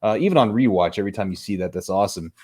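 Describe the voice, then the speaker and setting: A man co-hosting a casual movie review, excitable, swearing casually and restarting his sentences often. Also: on the low side, racing. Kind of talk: casual chat.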